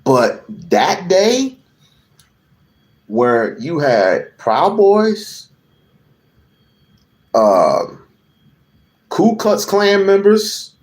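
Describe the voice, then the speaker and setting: Man as a commentator on a heated rant, slightly raised voice swinging widely, slow deliberate delivery, swears and repeats himself for emphasis. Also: sits high, wildly swooping pitch. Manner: profane, emphatic, repeats phrases. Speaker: political commentator. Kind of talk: heated political rant to camera.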